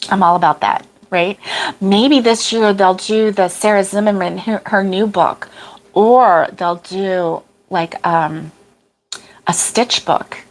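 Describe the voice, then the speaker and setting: A woman's voice: mid-range voice, takes it slowly. A middle-aged woman hosting a crochet livestream, chatting casually, chuckling and answering viewer comments as she goes. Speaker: crochet channel host.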